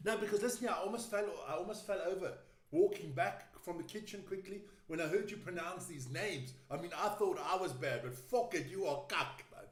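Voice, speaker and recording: A man's voice: high-pitched, fairly quick, roomy sound. A man co-hosting a rugby podcast in casual chat, brash and teasing, swearing freely. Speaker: podcast co-host.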